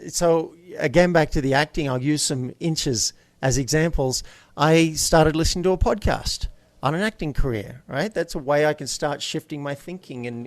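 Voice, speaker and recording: A man's voice: a little high, dry recording. A man guest in an interview, a coach talking casually and telling stories with upbeat energy.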